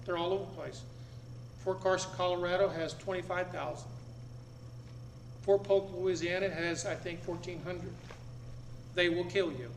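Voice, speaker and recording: Middle-aged male speaker, blunt and insistent, higher-pitched voice, echoey meeting room with faint noise. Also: fairly even intonation, moderate pace, creaky, pauses often. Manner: blunt, emphatic, repeats phrases for effect. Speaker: speaker addressing an audience. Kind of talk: public talk to a live audience. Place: meeting room with seated audience.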